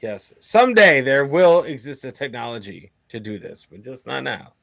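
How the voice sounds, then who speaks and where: An American man co-hosting a reaction channel, talking in a low-key, mumbly casual way. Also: big pitch swings, moderate pace, creaky, fairly bright tone, no room sound, clean studio sound. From United States. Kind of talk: casual chat.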